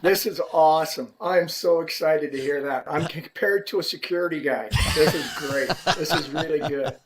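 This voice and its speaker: A middle-aged man, a podcast guest, telling a story in a casual, animated way with mock indignation. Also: a little high, moderate pace, noisy background.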